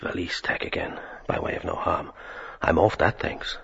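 Drifting inner thoughts, very deep, gravelly, raspy, half-whispered. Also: male voice, moderate pace, a bit bright, heavily acted. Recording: dull lo-fi radio drama recording.

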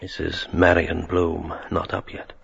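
A man's voice: low-pitched, monotone, unhurried, creaky, fairly bright tone, slightly rough, heavily acted. An actor voicing a man's drifting inner thoughts in fragmentary, half-whispered phrases. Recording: dull lo-fi radio drama recording.

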